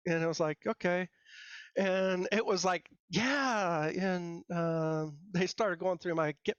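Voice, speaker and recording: A middle-aged man, a software engineer guest, telling his career story in a casual, rambling, self-deprecating way with many fillers and restarts. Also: fairly high pitch, normal speed, smooth, dry recording. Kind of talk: casual interview talk. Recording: dull dry lo-fi sound.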